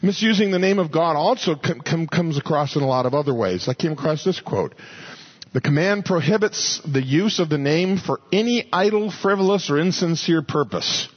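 A man's voice: on the high side, expressive, moderate pace, breathy edge, lo-fi sound. A man pastor giving a sermon in a folksy, conversational storytelling way.

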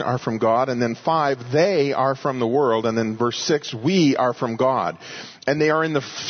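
A man preaching a sermon, teaching earnestly and rising to emphatic exhortation, with a husky voice. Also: medium pitch, dull audio.

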